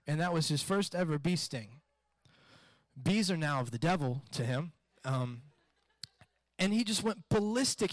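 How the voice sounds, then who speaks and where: Guy preaching, high voice, tells a story and acts it out, dry close sound. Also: no room sound. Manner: animated storytelling with acted-out quotes. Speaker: pastor. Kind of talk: sermon with personal story.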